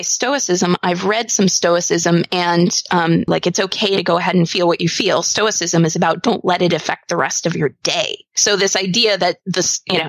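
A woman's voice: lowish voice, fairly bright tone, dry recording, low-quality recording. A woman in her thirties, a podcast guest talking candidly and emphatically in casual conversation. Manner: candid and emphatic, laughs easily.

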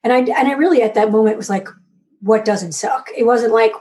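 A woman in her forties, an author guest, telling a personal story in a candid, emotional, animated way. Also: fairly high pitch, fast. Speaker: author and magazine editor, guest. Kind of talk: conversational interview.

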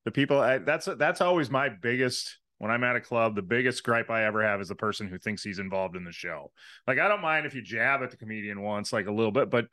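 A man's voice: lowish voice, pushed and bright. A man hosting a podcast, chatting casually and agreeing easily with his guest. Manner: laid-back, quick to agree and laugh. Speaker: podcast host. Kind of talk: casual chat.

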